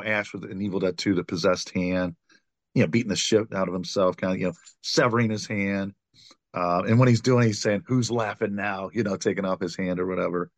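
A man's voice: sits low, no echo. A man co-hosting a casual movie podcast, talking with enthusiasm and laughing often. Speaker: podcast co-host. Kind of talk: casual chat.

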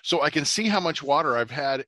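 Bright-sounding guy cohosting a podcast, jokes around a lot, rambles, dry mic. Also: on the high side, lively intonation, brisk, dry recording. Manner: joking, rambling, laughs often. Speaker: podcast co-host. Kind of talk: casual chat.

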